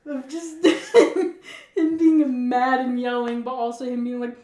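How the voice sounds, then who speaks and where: A woman's voice: sits high, steady tone, slow pace. A woman co-hosting a podcast in casual chat, laughing often and trailing off into filler words. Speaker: podcast co-host. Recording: echoey room with faint noise.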